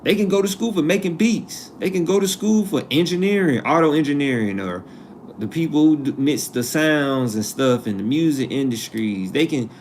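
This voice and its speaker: A fairly high-pitched male voice at normal speed carries this casual live stream, with a little hiss or hum audible. The host talks loosely and conversationally, drifting off topic and repeating things for emphasis.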